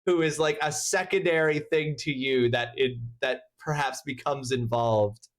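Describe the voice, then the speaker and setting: A man's voice: mid-range voice, steady tone, measured pace. A man hosting a livestream panel, laughing often and restarting his sentences in casual chat. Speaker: stream host.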